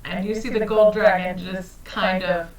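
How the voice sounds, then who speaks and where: A woman's voice: mid-range voice, fairly even intonation, moderate pace, reverberant, recorded from a distance, poor audio. A woman running a tabletop game as game master, describing scenes in a laid-back way.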